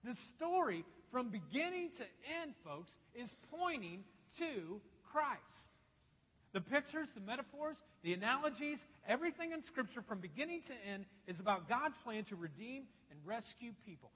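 Man, pastor, emphatic sermon, husky voice, long hall reverb. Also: very high-pitched, big pitch swings, normal speed. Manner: emphatic, repeats phrases and addresses the congregation as folks. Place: church sanctuary. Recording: dull echoey church hall recording.

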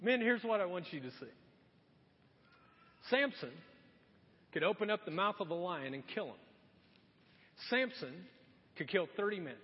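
A man preaching a sermon in a church, telling stories in a lively way and addressing the congregation directly, heard in a dull, echoey recording. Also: high-pitched, measured pace, long pauses, slightly rough. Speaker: pastor.

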